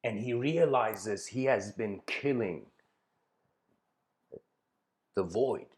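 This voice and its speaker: A man's voice: on the low side, measured pace, darkish tone. A man giving a spiritual lecture, telling a story in a loose, conversational way with many fillers. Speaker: spiritual teacher.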